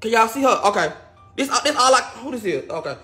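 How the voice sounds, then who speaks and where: High-voiced man ranting in an echoey room. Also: big pitch swings, quick pace, faint music behind. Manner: loud, exasperated, profane, repeats himself. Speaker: vlogger. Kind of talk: ranting vlog.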